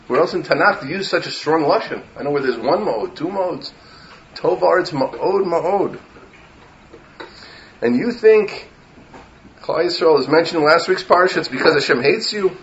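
A man's voice: a little high, lively intonation, normal speed, fairly bright tone, highs cut off. A man, a rabbi, giving an impassioned Torah lecture that mixes in Hebrew terms and rises to emphatic peaks.

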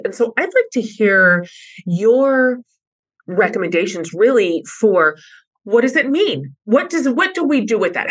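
A woman's voice: medium pitch, a bit bright. A woman hosting a podcast interview, affirming her guest and asking probing questions. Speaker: podcast host.

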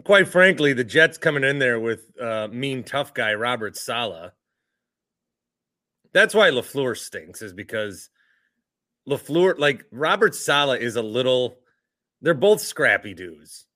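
A man talking sports with a host in easygoing, joking back-and-forth. His voice has a bright, forward tone. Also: medium pitch, sing-song, measured pace. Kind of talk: casual sports chat.

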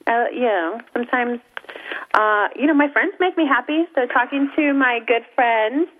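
A woman's voice: on the high side, moderate pace, slight background noise. A woman co-hosting a talk radio show, giggly and easygoing. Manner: giggly, lively. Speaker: co-host. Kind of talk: casual chat on talk radio. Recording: phone-line radio sound.

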